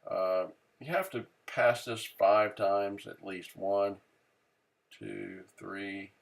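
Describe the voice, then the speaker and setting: A man with a low, gravelly voice talks through fly tying in a relaxed, unscripted way. He pauses often on "uh" and thinks aloud as he works, sounding like a friendly instructor at his bench. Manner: relaxed, many "uh" fillers, thinking aloud while working. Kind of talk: casual how-to narration.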